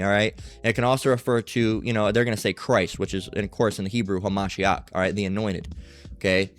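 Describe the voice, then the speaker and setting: A man leading a screen-share Bible study lesson, talking emphatically and checking in with "all right?" and "okay?". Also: mid-range voice. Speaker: Bible teacher.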